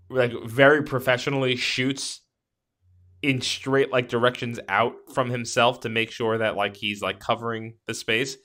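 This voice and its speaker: A man co-hosting a podcast in casual movie chat, excitable and often trailing off. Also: medium pitch. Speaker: podcast co-host.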